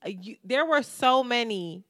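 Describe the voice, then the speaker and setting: A woman's voice: a little high, animated, measured pace, fairly bright tone, no echo, clean studio sound. A young woman from Philadelphia co-hosting a casual podcast chat, telling stories animatedly with frequent laughter and casual swearing. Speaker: podcast co-host. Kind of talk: casual chat between friends.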